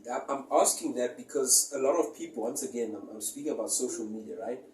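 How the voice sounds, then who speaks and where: A man with a South African accent hosting a casual interview, chatty and excitable, with lots of fillers. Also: medium pitch, fast. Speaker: host. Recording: echoey room, mic at a distance, faint noise.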